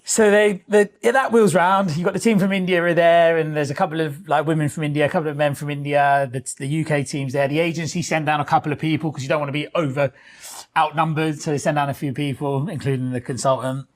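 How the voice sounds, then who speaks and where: A man's voice: a little high, steady tone, quick pace. A man co-hosting a studio podcast, telling a story in casual chat, full of fillers and swearing. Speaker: podcast co-host.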